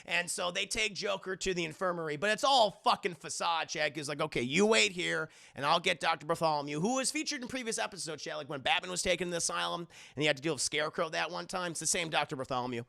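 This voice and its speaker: A man recapping a cartoon for his live chat in a casual, animated and profane way. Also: high voice, quick pace, vocal fry, hardly any pauses. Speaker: streamer reviewing a cartoon.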